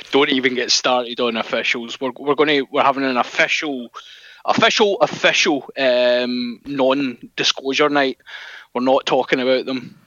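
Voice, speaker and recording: Man, co-host, bright jokey chat, dry, dull lo-fi recording. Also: mid-range voice, fairly even intonation, unhurried, no echo. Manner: jokey, laughs easily. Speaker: podcast co-host. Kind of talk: casual chat. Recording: dull lo-fi sound.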